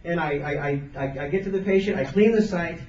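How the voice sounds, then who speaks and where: High-voiced man giving a motivational speech. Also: a little fast, a little mellow, a little hiss or hum. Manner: earnest, emphatic, repeats phrases for stress. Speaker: motivational speaker. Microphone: camcorder from the audience. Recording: roomy, distant, dull camcorder sound.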